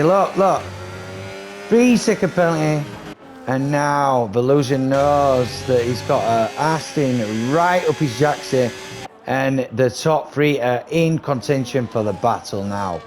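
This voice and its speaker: A man giving casual, excitable live commentary on a sim racing league, chatty and swearing casually, with game noise behind him. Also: mid-range voice, measured pace. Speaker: race commentator.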